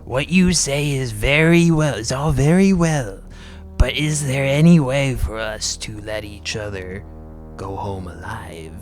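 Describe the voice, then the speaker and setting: A man voicing an alien ship commander in a radio drama, speaking very slowly. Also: medium pitch, faint music behind, lightly acted. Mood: ominous. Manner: very slow, drawn-out delivery.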